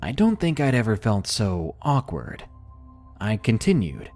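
A man narrating a scary story in slow, expressive storytelling. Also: lowish voice, soft background music. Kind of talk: scripted horror story narration.

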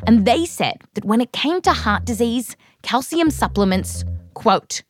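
A woman's voice: a little high, very animated, unhurried, soft background music. A woman with an Australian accent hosting a science show, narrating from a script in a playful, wry way and interviewing a guest. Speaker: host.

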